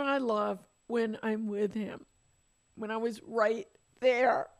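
A woman's voice: fairly high pitch, steady tone, takes it slowly, dry recording. An older woman on a podcast, crying as she tells a candid personal story, swearing and mocking herself. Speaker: podcast guest.

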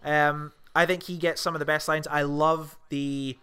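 A man co-hosting a casual film podcast, rambling and excitable, swearing often as he talks. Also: on the high side, moderate pace, clean tone. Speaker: podcast co-host.

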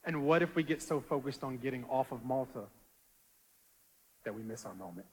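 A male pastor preaching a dramatic sermon, swinging from quiet low asides to loud rising appeals. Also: animated, moderate pace, husky, big-room sound.

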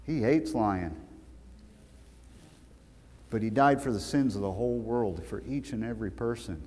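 A man preaching a sermon with emphatic, storytelling delivery that swells to loud peaks. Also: lowish voice, measured pace. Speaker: pastor. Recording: long hall reverb.

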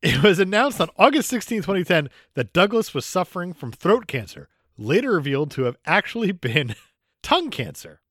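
A man's voice: sits high, very animated, moderate pace, fairly bright tone, dry recording, studio quality. A man co-hosting a casual podcast, joking with crude banter and laughing a lot. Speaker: podcast co-host.

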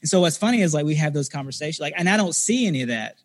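A man in his thirties, a podcast guest, talking casually in a halting way with many fillers and restarts. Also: a little high, animated. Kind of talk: casual conversation.

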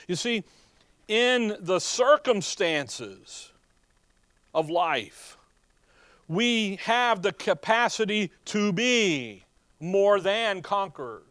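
A man preaching a sermon with lively emphasis, often asking the congregation rhetorical "what?" questions. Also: high-pitched, very slow, clear, resonant tone, dry recording. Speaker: pastor.

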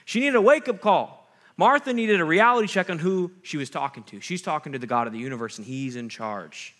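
A man's voice: on the high side, fairly quick, a bit bright. A male pastor giving a sermon in a casual, conversational way, often checking in with his listeners. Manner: conversational preaching, often asking "right?" to the listeners. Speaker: campus ministry pastor.

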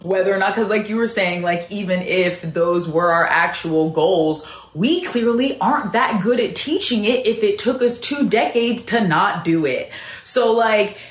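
On a talk panel in an echoey room, a woman with a mid-range voice speaks a little slowly. Her casual political discussion is rambling and wry, peppered with lots of "like" fillers.

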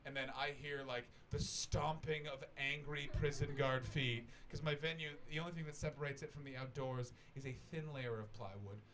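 A man's voice: mid-range voice, steady tone, moderate pace, hardly any pauses, a bit bright, a little hiss or hum. A Canadian man doing stand-up comedy in a small festival venue, telling a long rambling, self-deprecating story full of swearing and acted-out voices. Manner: rambling, self-deprecating, swears freely, acts out voices of the people in his stories. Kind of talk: stand-up storytelling to a live audience.

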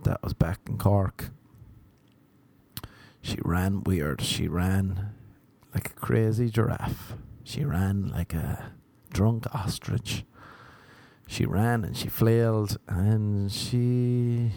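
A man's voice: lowish voice, very slow, warm tone, no room sound. A young man, a comedian, rambling through crude, self-mocking stories in a casual solo podcast monologue.

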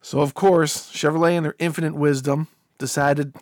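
A man's voice: a little high, flat delivery, a little mellow, no echo, clean studio sound. A man hosting a podcast in casual chat, joking around and explaining things to a caller. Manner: joking, quick to laugh, explaining. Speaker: podcast host.

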